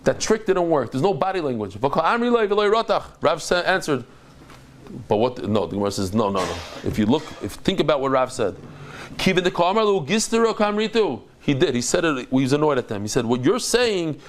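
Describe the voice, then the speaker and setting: A man teaching a daily Talmud class as a rabbi, explaining in an animated, dramatic way with quick restarts. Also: fairly high pitch. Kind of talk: lively Talmud lecture to a live group.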